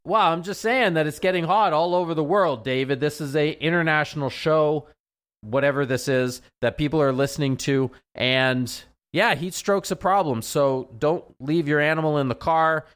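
A man's voice: fairly high pitch, normal speed, fairly bright tone, clear, resonant tone. A man, a veterinarian, chatting casually on a radio show, rambling and often repeating his words. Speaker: veterinarian guest.

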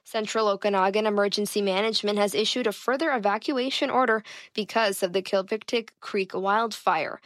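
A woman anchoring a radio newscast in a measured, formal delivery. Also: mid-range voice, fairly even intonation, a bit bright, no room sound, studio quality. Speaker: news anchor. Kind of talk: news reading. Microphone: studio mic.

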